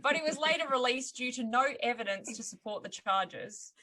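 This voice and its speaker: A woman's voice: a little high, animated, moderate pace, bright, forceful tone. A woman hosting a podcast, telling a story in casual chat with sardonic asides and frequent laughs.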